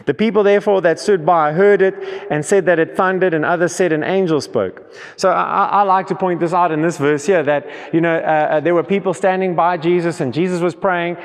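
A man's voice: high voice, steady tone, brisk, big-room sound. A man preaching a sermon, reading scripture aloud and often repeating and restarting his words.

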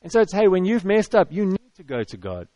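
A man's voice: high voice, very animated, a little fast, warm tone, dry recording, dull audio. A man preaching a sermon to an audience, talking in a conversational, repetitive way with stammered restarts. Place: church hall with audience.

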